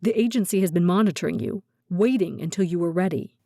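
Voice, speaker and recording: A cool, self-assured nineteen-year-old male spy recruiter, as a woman reads him in an audiobook, talking matter-of-factly with a mellow, warm tone. The sound is dry and close, with no room in it. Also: lowish voice, lively intonation, fast, creaky, no echo. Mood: calm. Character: calm, confident teen male spy recruiter. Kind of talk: audiobook character voice.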